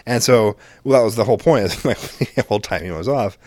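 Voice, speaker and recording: A man co-hosting a relaxed podcast chat, spinning an animated story full of swearing. He jumps sharply upward in pitch whenever he acts out the people in it. The sound is dry and close, with no room around it. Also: fairly quick, no echo. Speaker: podcast co-host.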